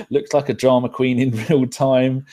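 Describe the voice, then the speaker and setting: A man's voice: medium pitch, level tone, moderate pace, dark tone. A laid-back man hosts a live podcast stream and reads out viewer comments as he goes. He chats loosely and swears freely between the comments. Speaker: podcast host reading chat. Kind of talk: casual live-stream chat.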